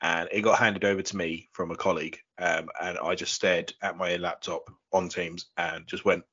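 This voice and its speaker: A man's voice: low voice, level tone, normal speed, sharp tone, breathy edge. A man chatting casually on a podcast, wry and self-deprecating about his own bad day. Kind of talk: casual chat. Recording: muffled lo-fi audio.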